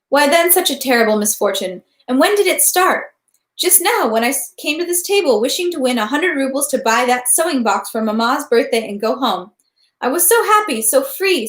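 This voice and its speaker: A woman's voice: sits high, fairly bright tone, reverberant, voice pushed up. A woman reading aloud the anxious, pleading lines of a young male count who is losing at cards.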